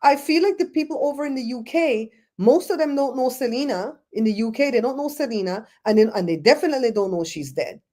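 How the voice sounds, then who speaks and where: A Belizean woman hosting a livestream, chatting in a rambling, animated way and answering viewers' comments. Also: a little high, a little fast, hardly any pauses. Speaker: show host. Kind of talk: casual livestream chat, reading comments.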